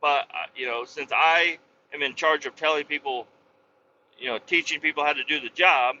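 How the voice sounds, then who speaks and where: A man, a truck driver, telling road stories in a casual, profane and animated vlog from his truck cab, with a dull lo-fi sound. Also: a little high, normal speed, a little hiss or hum.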